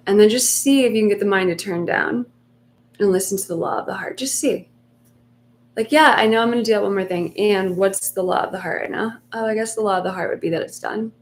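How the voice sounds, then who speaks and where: A woman giving a soft, unhurried talk on a live meditation stream, reassuring her listeners and sometimes dropping almost to a whisper. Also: medium pitch. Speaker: meditation coach.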